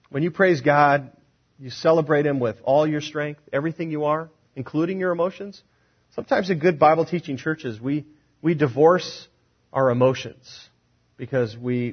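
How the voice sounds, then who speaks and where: A man's voice: on the high side, slightly rough, muffled recording. A man preaching a sermon as pastor, asking the congregation questions and acting out the words of others.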